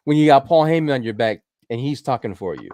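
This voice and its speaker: Podcast co-host, man, mid-pitched, casual chatter, dry close sound. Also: animated, quick pace, warm tone, no echo. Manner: casual, peppers talk with "right?" and "like". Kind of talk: casual chat.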